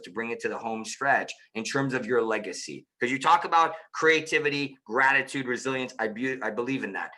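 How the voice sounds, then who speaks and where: Male interview host, bright voice, animated and emphatic, on a video call. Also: mid-range voice. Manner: expressive, swings from soft to loud exclamations. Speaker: podcast host. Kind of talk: conversational interview.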